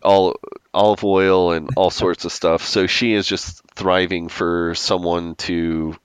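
Deep-voiced enthusiastic podcast co-host man. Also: flat delivery, takes it slowly, clear, resonant tone, no echo. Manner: enthusiastic, rambling with restarts. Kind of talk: casual chat recapping a TV episode.

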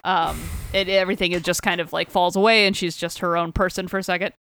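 A woman's voice: lowish voice, flat delivery, fast, a bit bright, smooth, no echo, faint music behind. A woman recapping a book in casual chat, swearing freely and acting out quotes in a raised voice. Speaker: podcast co-host.

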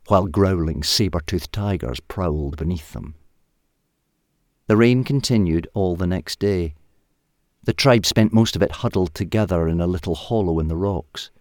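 A man reading a comic short story aloud in a lively, expressive way. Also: low voice, a little slow, no room sound, clean studio sound.

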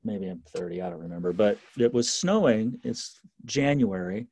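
A man telling stories in a casual interview, lively and full of fillers and restarts. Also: lowish voice, normal speed, breathy edge, no echo. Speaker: interview guest.

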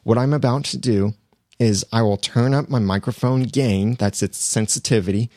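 A man explaining podcast recording in a relaxed, conversational teaching manner, close to a studio microphone. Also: mid-range voice, moderate pace, no room sound. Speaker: podcasting instructor. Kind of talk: instructional explainer. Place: small home studio room.

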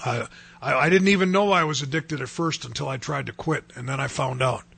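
A man's voice: mid-range voice, brisk, vocal fry, fairly bright tone, slightly rough. A man from North Dakota telling his personal testimony in an earnest storytelling way that rises to emphatic bursts. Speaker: testimony speaker.

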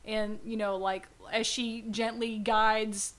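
A woman co-hosting a casual podcast chat, excitable and prone to giggling. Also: on the high side, takes it slowly. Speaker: podcast co-host.

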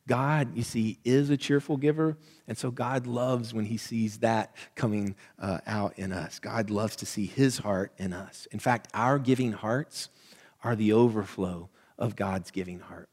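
A middle-aged man preaching a sermon as pastor, conversational and animated, checking in with the congregation as he goes. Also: lowish voice, measured pace. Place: church sanctuary. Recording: long hall reverb.

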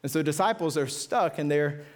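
A man preaching an impassioned sermon in a fairly high voice. He repeats phrases for emphasis and asks the listeners questions directly. His delivery climbs to excited, high peaks. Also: normal speed. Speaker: pastor.

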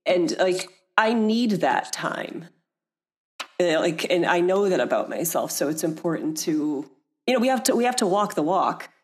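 A woman's voice: on the low side, expressive, normal speed. A woman guest on a podcast who runs her own aromatherapy business. She chats casually, laughs a lot and often trails off mid-sentence. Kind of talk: casual interview chat.

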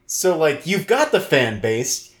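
A man co-hosting a podcast in casual, joking chat with quick asides. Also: on the high side, big pitch swings. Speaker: podcast co-host.

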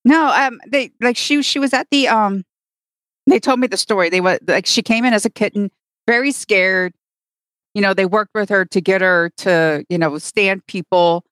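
Woman, podcast co-host, casual rambling chat, mid-pitched, dry close sound. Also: moderate pace, fairly bright tone, no echo. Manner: rambling storyteller, acts out quotes.

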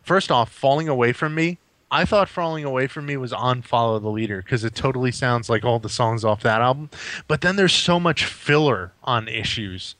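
A man's voice: medium pitch, moderate pace, a bit bright, no room sound. A man co-hosting a podcast, chatting casually about an album with lots of "um" and "like" and casual swearing. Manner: rambling, frequent "um" and "like", swears casually. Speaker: podcast co-host. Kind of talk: casual music review chat.

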